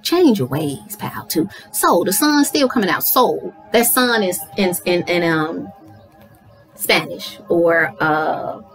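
Animated woman doing a spiritual card reading. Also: on the low side, takes it slowly, soft background music, rough recording. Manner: animated, talks to viewers as y'all, affirming. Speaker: tarot card reader.

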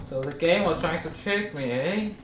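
A man's voice: on the high side, moderate pace, reverberant, far from the mic, background noise. A man commenting on a VR game as he plays, talking to himself and yelping when he gets frustrated. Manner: frustrated, talks to himself, yelps. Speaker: gamer. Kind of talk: let's play commentary.

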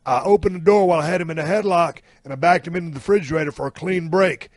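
A man's voice: on the high side, quick pace, darkish tone, no echo, clean studio sound. A man, hosting a podcast and telling a profane comic tale in a brash, swearing style. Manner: brash and swearing, with drawled emphasis. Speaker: podcast host. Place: camper trailer.

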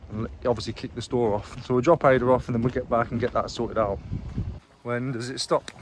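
A man with a voice of middling pitch chats casually to his viewers in a vlog. He talks to them directly and pokes fun at himself as he goes. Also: slight background noise. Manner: chatty, self-deprecating, talks to viewers directly. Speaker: reseller vlogger.

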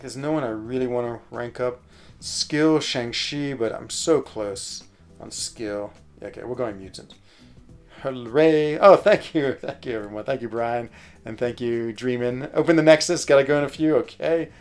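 An excitable man doing live-stream game commentary, voice at an ordinary middle pitch. He chats along as he opens rewards and breaks into loud, laughing cheers at good pulls. Faint music plays underneath. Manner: excitable, whoops and laughs over lucky pulls.

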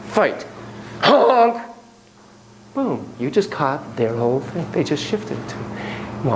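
A male psychotherapist lecturing in a university room, leaping up and down in pitch as he tells animated stories. He swears freely and acts out voices and sounds. A faint hiss sits under the recording. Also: low-quality recording. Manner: animated, profane, storytelling with acted voices.

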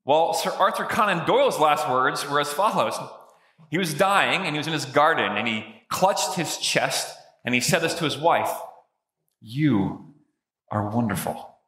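In a church sanctuary with echoey, long reverb, a male pastor preaches in a conversational, joking storytelling style. His voice is a little high and sharp, with lively intonation at normal speed.

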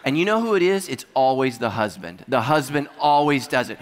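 A man preaching a sermon as pastor, telling stories with humor and lively asides. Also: medium pitch, a little fast, big-room sound. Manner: humorous, animated storytelling with asides.

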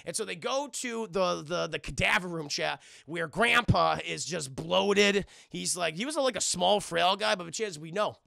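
A young man streaming, recapping a cartoon episode to his live chat in a rambling, profane, animated way. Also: high voice, moderate pace, gravelly, few pauses, slight background noise.

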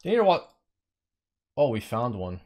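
A young man streaming a game, ranting indignantly with lots of swearing and sudden bursts of yelling. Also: mid-range voice, big pitch swings, moderate pace. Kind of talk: live stream commentary.

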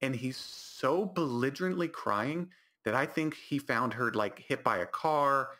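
A young man hosting a podcast, telling a comedic story in a rambling, animated way and correcting himself often. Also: mid-range voice, unhurried. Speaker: podcast host.

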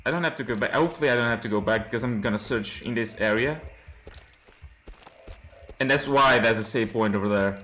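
A young man plays a horror game and comments as a let's play gamer, his mid-range voice fairly quick, pushed, and bright, with long pauses. Nervous, he laughs from fright and breaks into yelps and screams, leaving him hoarse.

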